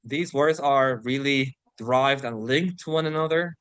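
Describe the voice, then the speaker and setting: A man's voice: medium pitch, a bit bright, clear, resonant tone, no echo. Man teaching English vocabulary, dry sound. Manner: explains and checks in with frequent "right?"; slows to read example sentences and passages aloud. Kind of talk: online English vocabulary lesson.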